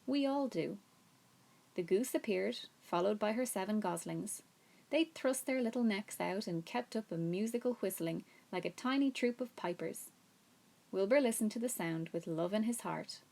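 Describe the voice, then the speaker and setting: A woman reading a children's novel aloud to a class, telling it in a steady, unhurried way. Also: medium pitch, vocal fry.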